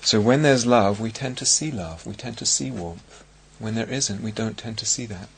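A man with a low, gravelly voice gives a dharma talk on a meditation retreat. He speaks slowly and searchingly, pausing often and restarting his phrases. A faint hiss sits under the recording. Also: a bit bright. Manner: slow, searching, with many pauses and restarts. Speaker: meditation teacher.

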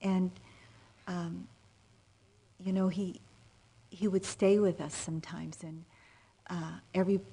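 Woman meditation teacher, dharma talk: low, husky, gentle, unhurried, near-whispered asides. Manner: soft-spoken, drifting into near-whispers; gentle and unhurried, with frequent fillers. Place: meditation retreat center.

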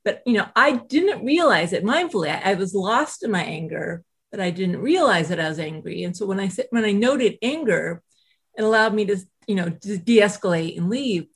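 A woman who writes and teaches self-compassion, telling a personal story in a casual interview, animated and full of "you know" asides. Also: mid-range voice, normal speed, breathy edge. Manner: animated, acts out quoted voices, frequent "you know" asides.

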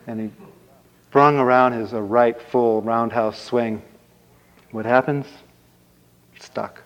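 A male meditation teacher telling a folk tale in a dharma talk, animated and full of vocal sound effects. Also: medium pitch, slow pace, pauses often, rough recording.

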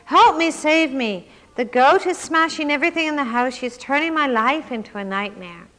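A woman's voice: a little high, lively intonation, a little slow, bright, forceful tone, long reverb tail. A woman reading a story aloud and voicing a desperate poor man who pleads with his rabbi in anguished outbursts. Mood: pleading.

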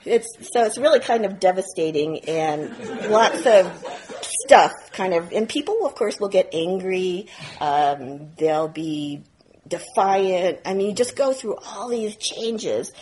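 A woman meditation teacher telling a story in a dharma talk, animated and self-mocking, often laughing as she talks. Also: on the low side, a little hiss or hum, low-quality recording. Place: retreat center meditation hall.

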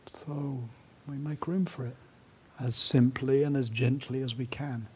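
A man leads a retreat with a gentle, unhurried dharma talk. His voice is husky and a little breathy, and he sometimes sinks to a near whisper. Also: mid-range voice, steady tone. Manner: gentle and unhurried, dropping to a soft whisper at times. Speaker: meditation teacher.

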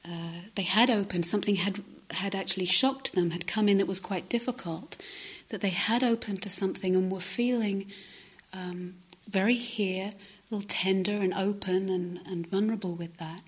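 A woman giving a reflective meditation talk, speaking softly and haltingly, often dropping to a near-whisper. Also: mid-range voice, fairly even intonation, slightly rough. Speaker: meditation teacher.

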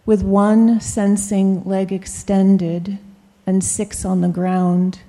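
A woman slowly reading a reflective nature poem aloud in a measured way. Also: medium pitch, little pitch movement, dark tone, big-room sound. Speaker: retreat participant.

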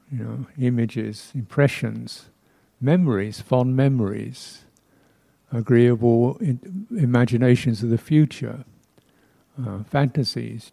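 Speaking in a temple hall, a man delivers a dharma talk as a Buddhist teacher, his warm, mellow voice gravelly and medium in pitch. He takes his time, reflecting aloud with many pauses and soft laughter, sometimes playfully copying speech sounds.

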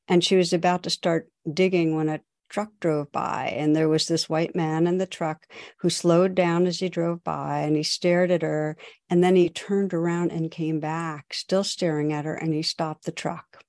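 A woman, a meditation teacher, giving a dharma talk in a gentle, unhurried storytelling manner. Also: deep voice, fairly even intonation, dry recording, studio quality.

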